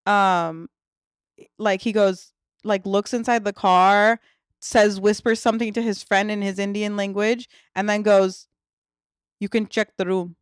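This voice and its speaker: A woman's voice: mid-range voice, unhurried, smooth, no echo, studio quality. A young woman co-hosting a podcast, telling a story in casual chat and acting out the quotes, with lots of fillers. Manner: animated storyteller, acts out quotes, frequent fillers. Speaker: podcast co-host.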